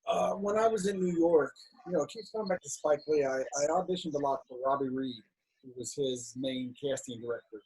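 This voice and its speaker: A man's voice: fairly high pitch, a little fast, darkish tone, husky, rough recording. A middle-aged man from Cincinnati, a filmmaker and actor, candidly telling his career story in an interview, often restarting his sentences. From United States, Cincinnati. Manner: frank, talks through restarts and stammers.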